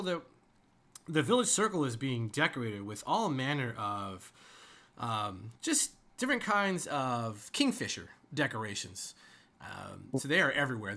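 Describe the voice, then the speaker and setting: A man narrating as game master of a tabletop game, often halting and restarting. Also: medium pitch, sharp tone. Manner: halting, stuttering in-character delivery.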